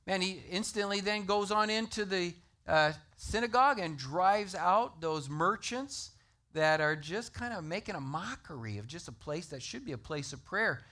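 Animated, bright-voiced male preacher. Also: high voice, moderate pace. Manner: animated, emphatic preaching with scripture references. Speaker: pastor. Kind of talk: sermon.

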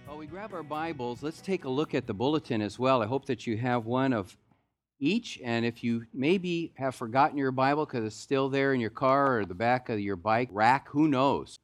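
A man preaching a sermon as pastor, in a loose, conversational storytelling way. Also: mid-range voice. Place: church sanctuary.

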